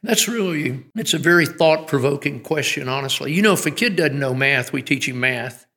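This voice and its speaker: A middle-aged man appears as a guest educator in a conversational interview, telling stories earnestly and often restarting his sentences. His medium-pitched voice is sharp, with lively intonation and a moderate pace, and the recording carries a long hall reverb.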